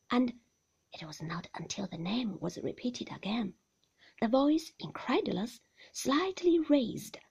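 A woman narrating a novel in a hushed, half-whispered, tense way. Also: a little high, slightly rough. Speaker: audiobook narrator.

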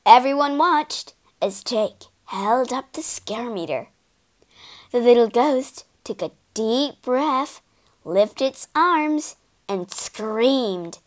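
Woman reading a kids story, high voice, slow and expressive. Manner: expressive, animated narration.

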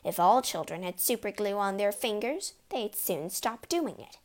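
A bossy middle-aged mother scolds and lectures with a sharp tongue, as a woman acts her out. Her voice is crisp and tart throughout a storybook telling. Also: medium pitch, animated, normal speed, natural voice. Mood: scolding.

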